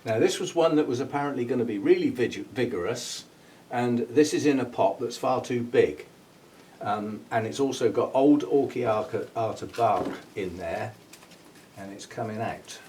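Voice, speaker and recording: Recorded from a distance on low-quality audio with slight background noise, a male orchid grower and channel host chats his way through a practical task. His voice is medium-pitched and mellow at a moderate pace, and he muses aloud and chuckles at himself as he works.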